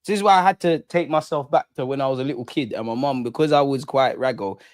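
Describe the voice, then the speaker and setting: A man's voice: mid-range voice, quick pace, dry recording, studio quality. A young man with a London accent, casually chatting on a livestream, slangy and laughing as he reads viewer comments. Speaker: livestream host. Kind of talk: casual live chat reading viewer comments.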